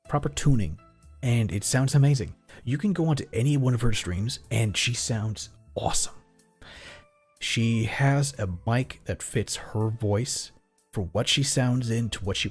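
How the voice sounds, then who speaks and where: A man talks casually on his stream, rambling and swearing freely as he goes. His voice is a little husky and sits mid-range in pitch. Faint music plays under him. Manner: rambling, profane, acts out both sides of imagined exchanges.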